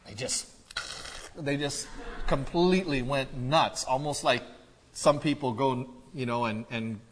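Guy preaching a sermon, mid-pitched voice, long church-hall reverb, gets loud and fired up telling stories. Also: measured pace, slight background noise. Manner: builds from quiet musing to loud excited storytelling. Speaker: pastor.

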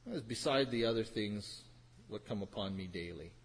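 With a lowish, husky voice at normal speed, this preacher teaches from scripture in a hall with reverb. His delivery is emphatic and repetitive, punctuated by dry, sarcastic remarks.

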